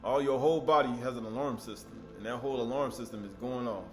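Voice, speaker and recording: A man preaching in a casual, conversational style, voice at an ordinary middle pitch. His delivery is animated and breaks into sudden loud outbursts. Faint music plays behind him. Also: fast. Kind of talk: sermon.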